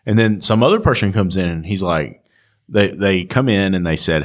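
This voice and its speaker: A man's voice: low-pitched, quick pace, vocal fry. A man, a podcast co-host and shop owner, telling stories in casual chat and acting out customers' voices.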